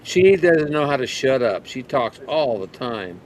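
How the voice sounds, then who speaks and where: A man's voice: mid-range voice, big pitch swings, unhurried, slight background noise. A man in a casual chat with friends, rambling through stories about his dogs and mimicking them as he goes. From rural farm background.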